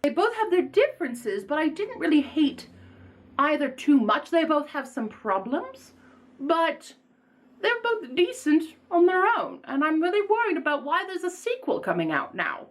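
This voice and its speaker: A woman book vlogger chatting casually in a put-on snobbish accent, playful and self-mocking, her pitch swooping up and down. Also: sing-song, normal speed. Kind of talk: casual chat.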